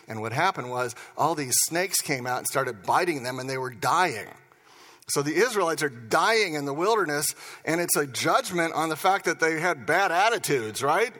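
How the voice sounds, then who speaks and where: Older male pastor, bright forceful tone, slightly high, chatty animated sermon, hall reverb. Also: moderate pace. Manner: conversational, animated storytelling with asides.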